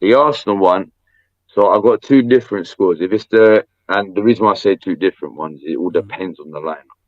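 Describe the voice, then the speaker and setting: A man co-hosting a casual sports podcast, telling stories in an animated way. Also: low voice, brisk, no echo, highs cut off. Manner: animated storytelling. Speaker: podcast co-host. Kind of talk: casual chat.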